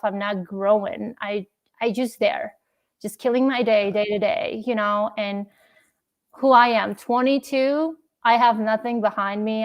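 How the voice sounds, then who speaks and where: Young woman telling her story. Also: on the high side. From Uzbekistan. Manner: emotional, acts out family dialogue. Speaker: podcast guest. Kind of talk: casual interview storytelling.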